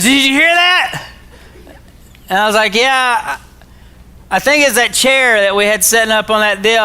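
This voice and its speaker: A man from Arkansas, giving a jokey, animated storytelling talk to a school audience. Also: high-pitched, clear, resonant tone. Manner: animated, jokey, acts out his own quotes. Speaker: motivational speaker.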